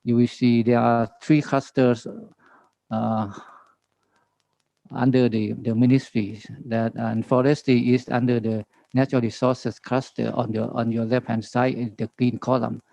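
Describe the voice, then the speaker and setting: A man with a Thai accent giving a halting conference presentation on forestry, pausing often and asking for the next slide. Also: mid-range voice, level tone, creaky, mellow, dry recording, poor audio. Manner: halting, many fillers, reading slides. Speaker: government forestry official presenting.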